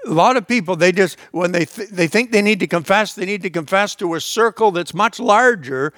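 Male pastor, high voice, dry close recording; earnest sermon delivery with stammered restarts. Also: a bit bright, dry recording. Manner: reads scripture slowly with emphasis.

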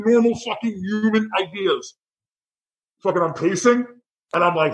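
A man's voice: high voice, normal speed, fairly bright tone, rough recording. A man who works as a bartender telling a heated, profane story in a casual chat.

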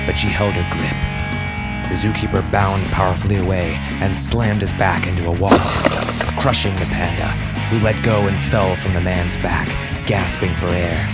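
A man reading a story aloud in a steady, dramatic narration. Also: deep voice. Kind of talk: scripted narration. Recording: music playing under the voice.

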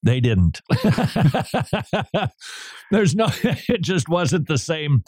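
Lively, chatty male radio host. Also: fairly high pitch, very slow, husky, no echo, clean studio sound. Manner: chatty and digressive, laughs between remarks. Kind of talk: casual on-air banter.

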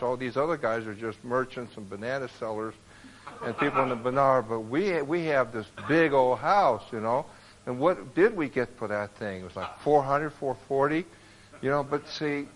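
A man preaching a sermon, retelling a Bible story in a colloquial, animated way and acting out the people in it. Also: medium pitch, a little fast, poor audio.

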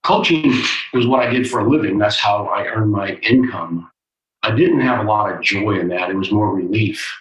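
A man, a youth basketball coach, speaking as a guest in an interview. He tells stories in an earnest, preacherly way with a low voice. The sound is roomy and echoing, a little distant from the mic. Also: fairly bright tone. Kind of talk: interview storytelling.

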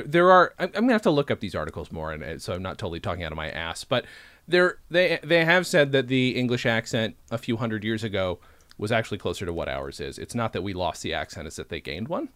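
A casual man hosting a podcast chat, talking in lively rambling asides and swearing freely. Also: on the low side, quick pace, no echo. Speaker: podcast host.

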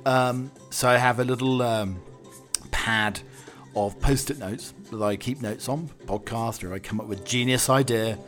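A man's voice: medium pitch, a little slow, fairly bright tone, faint music behind. A Scottish man hosting a podcast, rambling through a jokey, musing comic monologue. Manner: jokey, musing, drifts between tangents. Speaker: podcast host.

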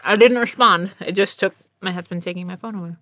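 A young adult woman, a guest in a casual chat, telling animated stories and laughing often. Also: medium pitch, fast, a little hiss or hum.

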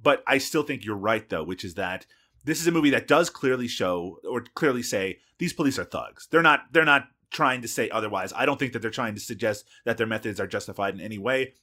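A man co-hosting a film podcast, relaxed and laughing easily, hedging with filler phrases. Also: medium pitch, fairly quick. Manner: relaxed, laughs easily, hedges with "you know". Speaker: podcast co-host. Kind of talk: casual film review chat.

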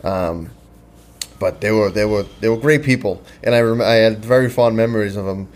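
A man in his thirties from Boston, with a Boston accent, telling his story in halting, casual talk that repeats words. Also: on the low side, a little mellow. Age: 30s. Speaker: podcast guest in recovery.

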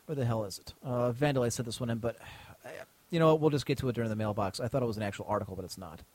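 A man's voice: mid-range voice, rapid-fire, a little mellow, no echo. A man hosting a casual podcast chat, rambling and swearing as he reads listener mail and trails off mid-sentence. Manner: rambling, profane, trails off while reading. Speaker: podcast host.

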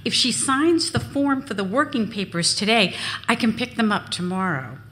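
A woman giving a live memoir reading on stage, expressive and unhurried. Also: a little high. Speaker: storyteller. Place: on stage at a venue.

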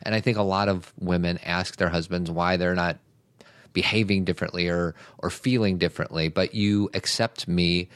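A middle-aged man co-hosting a talk show, speaking calmly and reflectively about his marriage. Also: low-pitched, normal speed, dry recording. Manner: calm, agreeable, reflective. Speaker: podcast co-host. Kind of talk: casual chat about marriage.

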